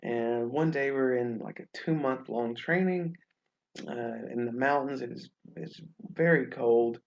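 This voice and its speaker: A man's voice: mid-range voice, unhurried, muffled recording. Young man, English teacher, casual webinar storytelling, friendly, filler-heavy. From Alabama, USA. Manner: friendly, chatty, many fillers.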